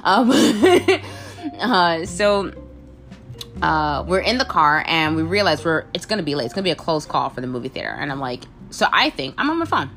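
A woman's voice: deep voice, moderate pace, faint music behind. A young woman casually telling a funny dating story, acting out the voices in the quotes. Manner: animated, acts out voices in quotes, frequent laughs.

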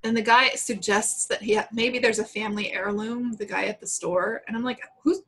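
A woman in her thirties co-hosts a podcast, chatting casually, laughing often and quoting people in animated voices. Her voice is husky, medium-pitched and fairly quick, though the audio quality is poor.

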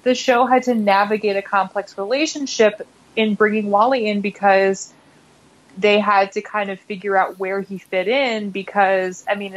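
Female podcast guest, chatty and meandering, slightly muffled remote audio. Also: medium pitch. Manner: rambling, thinks aloud with "like" and "um". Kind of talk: casual podcast discussion. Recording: dull lo-fi audio.

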